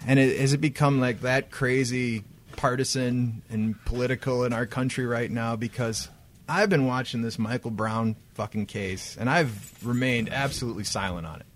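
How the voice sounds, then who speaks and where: A man co-hosting a casual podcast who talks in a loose, rambling way and swears freely. His voice sits at a middle pitch and gets animated as he goes on tangents. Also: normal speed, a little hiss or hum. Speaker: podcast co-host. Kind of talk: casual chat.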